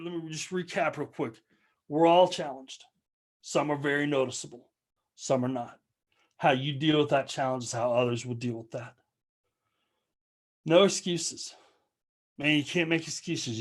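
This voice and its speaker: Earnest man giving a talk. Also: on the high side. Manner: earnest, rambling with jokes. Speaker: speaker. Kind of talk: motivational talk. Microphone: video call.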